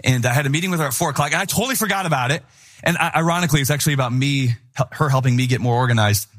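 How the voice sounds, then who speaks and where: A middle-aged man preaching a sermon in an animated, conversational way, with playful impressions of people. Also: mid-range voice, rapid-fire. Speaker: pastor.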